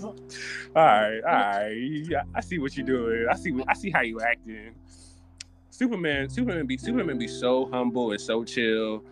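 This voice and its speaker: A man hosting a podcast, ranting in an animated, joking and profane way with lots of restarts. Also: medium pitch, normal speed, music in the background. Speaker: podcast host. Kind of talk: casual comedic podcast chat.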